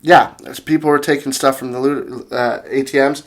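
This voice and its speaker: A young man hosting a casual video, retelling a chaotic story in a rambling, excitable way with many restarts and fillers, reading quotes from his notes. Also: mid-range voice, moderate pace. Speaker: music channel host.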